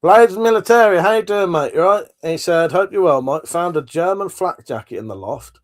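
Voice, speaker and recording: Chatty man with a higher voice. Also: animated, a little fast. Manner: chatty, rambling, swears casually. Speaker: livestream host. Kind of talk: casual chat reading out live comments.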